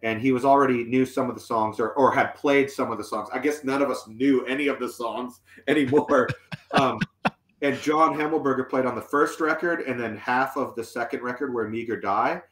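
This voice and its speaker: At a moderate pace and medium pitch, with a fairly bright tone, the man in his forties keeps spinning his long tale as a musician guest in relaxed chat. He rambles, restarting often and leaning on fillers, and the sound is roomy and echoey.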